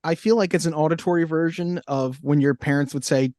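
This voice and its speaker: A young man co-hosting a movie podcast, joking and slipping into quick impressions. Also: fairly high pitch, fairly even intonation, a little mellow, dry recording, studio quality. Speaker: podcast co-host. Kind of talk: casual chat.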